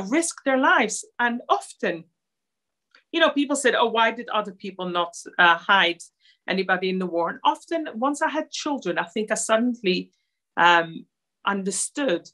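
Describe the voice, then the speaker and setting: A woman who grew up in Israel, giving an earnest talk over slides at a Holocaust centre, with many pauses and fillers. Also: a little high, sharp tone.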